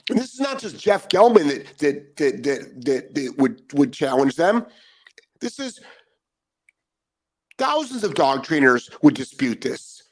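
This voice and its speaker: A middle-aged man with a slightly high voice, hosting his own live dog training show. He rants with heavy profanity, repeats himself for emphasis, and then turns to chatting casually with his viewers. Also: measured pace. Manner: emphatic, profane, repetitive ranting; calmer chatty greeting of commenters. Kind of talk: ranting live stream monologue.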